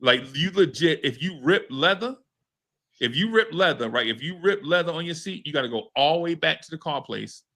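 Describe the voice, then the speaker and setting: Slightly high in pitch and brisk, this man hosts a podcast and relates a story through relaxed, slangy talk. He's lively, drops swear words, and acts out the quoted dialogue.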